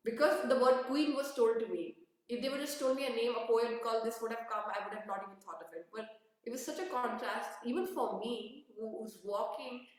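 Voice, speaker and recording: A woman from India, a photographer, telling a story in casual chat with many restarts and asides. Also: fairly high pitch. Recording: echoey room, distant mic.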